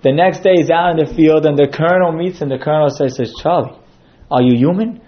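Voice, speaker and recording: A man's voice: fairly high pitch, fairly even intonation, quick pace, muffled recording. A man giving a sermon that centres on a told story, acting out quotes as he goes. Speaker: synagogue speaker.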